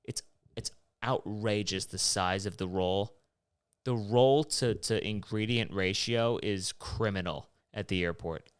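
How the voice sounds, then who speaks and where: A young man hosting his own show, rambling through a profane, animated rant. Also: on the low side, unhurried, smooth, dry recording. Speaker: podcast host. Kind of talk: rambling solo monologue.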